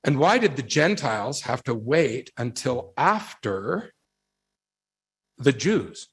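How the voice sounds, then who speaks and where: A man giving a devotional talk to young people, telling animated anecdotes and asking rhetorical questions. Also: mid-range voice, slow pace, slightly rough. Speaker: religious speaker addressing youth.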